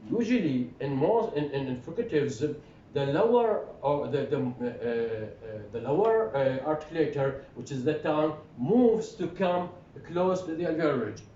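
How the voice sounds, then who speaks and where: A man with an Iraqi Arabic accent, a native Arabic speaker, giving a phonetics lecture, halting with restarts and fillers, then drilling word pairs clearly. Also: animated, dark tone. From Iraq. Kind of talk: classroom lecture, switching between English and Arabic. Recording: roomy, dull lo-fi recording with faint rumble.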